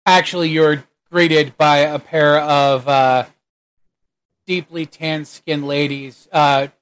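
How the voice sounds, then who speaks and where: A man narrating a tabletop game as game master, relaxed, with frequent hesitant fillers. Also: fairly high pitch, slow pace.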